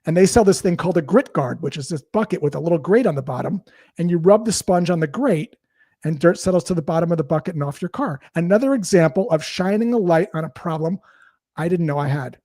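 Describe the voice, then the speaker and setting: A man with a slightly raised pitch talks as a podcast guest. He tells stories to make his points. The sound is dry and close, with no room around the voice. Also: fast, no room sound. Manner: lively anecdotes, acts out dialogue. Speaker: sales trainer and podcast guest. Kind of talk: storytelling interview talk.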